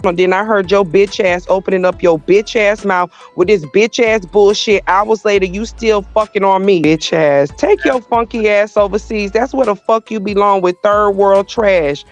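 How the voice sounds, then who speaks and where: A woman's voice: mid-range voice, normal speed, hardly any pauses, highs cut off, faint music behind. A woman on a podcast arguing heatedly, profane, aggressive and taunting. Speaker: podcast guest.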